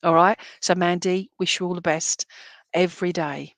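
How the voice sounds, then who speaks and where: A woman spiritualist medium with a lowish voice gives a live-streamed reading at a moderate pace, her intonation fairly even and the audio free of echo. Chatty and affectionate, she calls people "my lovely," and her talk rambles and restarts often.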